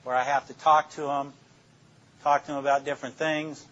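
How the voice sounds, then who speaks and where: A man's voice: mid-range voice, little pitch movement, moderate pace, fairly bright tone, lo-fi sound. An older man, a police detective, telling plainspoken stories about interrogations to a class and acting out his own lines. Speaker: police detective speaking to law students. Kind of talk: storytelling lecture.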